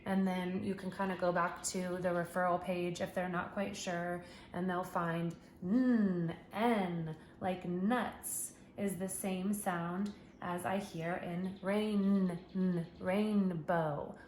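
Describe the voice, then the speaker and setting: A kindergarten teacher patiently and encouragingly guides parents through a home literacy lesson, slowing down to stretch out each letter sound. Her lowish voice has fairly even intonation. A noticeable room echo sits over a faint background hum.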